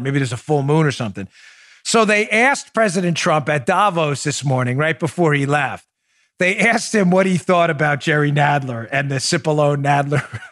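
A man hosting a political podcast, giving animated and sarcastic solo commentary that often slides into mocking asides. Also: a little high. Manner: animated, sarcastic, breaks into laughter.

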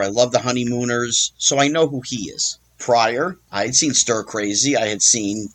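A man telling an anecdote as an interview guest, acting out the voices of the people in it. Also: medium pitch. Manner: lively, acts out quoted voices. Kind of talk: animated storytelling anecdote.

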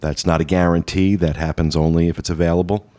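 Low-voiced guy hosting a podcast, chatty and rambly, lots of uhs. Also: flat delivery, fast talker, mellow. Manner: rambling, many uh fillers, upbeat promo talk. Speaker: podcast host. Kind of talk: casual podcast chat.

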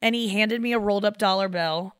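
A woman's voice: mid-range voice, brisk, clean tone, no echo, studio quality. A woman in her thirties, a comedian, chatting casually on a podcast and acting out the people she quotes. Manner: animated storyteller who acts out quoted voices. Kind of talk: casual chat.

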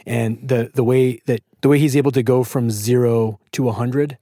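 A man's voice: mid-range voice, fairly even intonation, moderate pace, mellow, dry recording. A man hosting a studio podcast interview, chatty and eager like a fan of the show. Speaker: podcast host. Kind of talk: casual interview chat.

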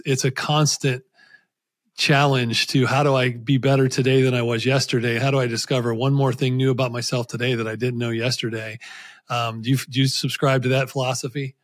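A man's voice: mid-range voice, dry recording, clean studio sound. A man hosting a podcast interview, asking long reflective questions in a conversational way with frequent restarts. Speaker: podcast host.

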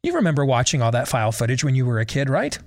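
A man's voice: medium pitch, very animated, racing. An American man hosting a talk show, delivering a sarcastic monologue full of rhetorical questions and leading questions to his co-hosts. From United States.

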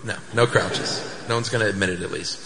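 Low-voiced man hosting live on stage. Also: brisk, creaky. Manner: chatty, animated storytelling with laughs. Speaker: podcast co-host. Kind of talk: live stage podcast, casual storytelling. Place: theater stage before a live audience. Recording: live hall with long reverb.

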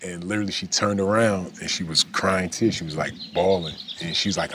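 Deep-voiced man telling stories in an interview. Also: fairly quick, hardly any pauses, a little hiss or hum. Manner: animated storyteller, laughs while telling stories. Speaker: interviewee, former pro basketball player turned cannabis entrepreneur. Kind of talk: casual interview storytelling.

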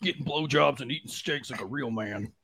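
Gravelly husky guy on a podcast, laughs a lot, swears, dry sound. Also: mid-range voice, brisk, sharp tone, no echo. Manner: laughing, storytelling, swears freely. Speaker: podcast host. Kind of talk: casual chat.

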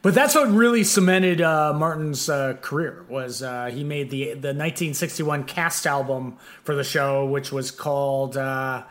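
A man's voice: medium pitch, a little slow, hardly any pauses, fairly bright tone. A man hosting a podcast in casual chat, rambling with lots of fillers. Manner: rambling, many fillers, laughs easily. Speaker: podcast host.

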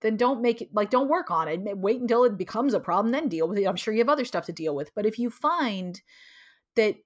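Expressive, emphatic woman author as guest. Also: medium pitch, brisk. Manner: expressive and emphatic, with animated quoted asides. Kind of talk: casual interview conversation.

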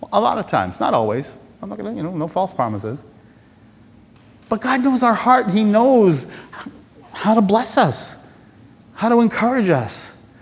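A male pastor with a high-pitched voice preaches a sermon in a big-sounding room. He's lively and conversational, poking fun at himself and acting out little voices.

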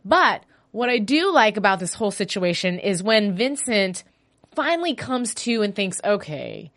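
A woman's voice: mid-range voice, normal speed. Chatty woman hosting a fan podcast. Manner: chatty, animated, gushing. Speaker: solo podcast host. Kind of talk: casual fan after-show chat. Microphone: podcast mic.

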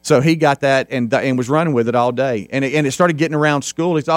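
A man's voice: medium pitch, fast, no echo. A middle-aged man hosting a casual talk radio show, rambling with lots of fillers and restarts.

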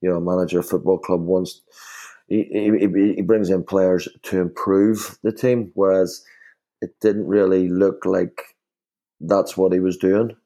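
A man speaks in a low, mellow voice. He is a former player recalling his club days in casual conversation. He rambles and restarts often, leaning on "you know.". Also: level tone, unhurried. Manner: rambling with many fillers and restarts. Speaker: former footballer guest. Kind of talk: casual podcast chat.

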